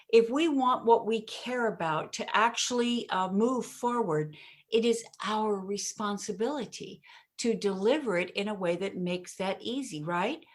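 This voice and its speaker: A woman speaking as an interview guest, explaining how to deliver a message, acting out her points with pauses and stretched words, often laughing. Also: medium pitch. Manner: expressive, demonstrates delivery with pauses and emphasis; laughs often while talking. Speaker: communication coach, guest.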